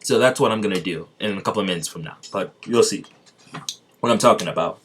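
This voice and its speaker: A man's voice: low voice, fast talker, background noise. A man telling a made-up fan story in a casual, rambling way, with many fillers, restarts and frequent laughter.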